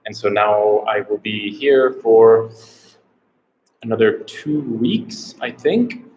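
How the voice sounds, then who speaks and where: A man's voice: lowish voice, takes it slowly, a little mellow, muffled recording, slight background noise. Rambling American man on a live stream. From United States. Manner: rambling and unsure, repeating himself. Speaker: travel vlogger doing a live Q&A. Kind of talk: casual live-stream chat. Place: small indoor room.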